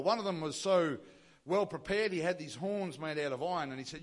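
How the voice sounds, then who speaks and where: A pastor preaching a sermon, retelling a scripture story with lively acted-out dialogue. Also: male voice, sits high, a little fast.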